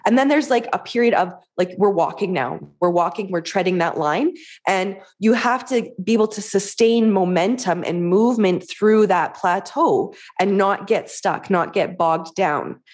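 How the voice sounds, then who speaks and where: A woman's voice: medium pitch, normal speed, a little mellow. A woman with a Canadian accent, a podcast co-host and business owner, speaking casually and animatedly with many filler words. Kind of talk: casual conversation.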